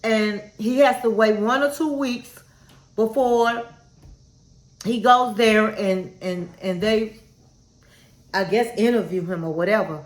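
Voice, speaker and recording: A woman's voice: mid-range voice, takes it slowly, long pauses. A woman vlogger giving frank, chatty commentary on a reality show, calling her viewers "honey". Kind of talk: casual candid commentary. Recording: roomy echo.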